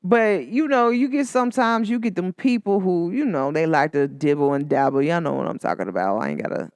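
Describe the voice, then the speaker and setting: A woman's voice: on the low side, lively intonation, fairly quick, a little mellow, clean tone, no echo. A woman hosting a casual motivational talk, chatty and encouraging, with lots of filler words. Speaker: podcast host.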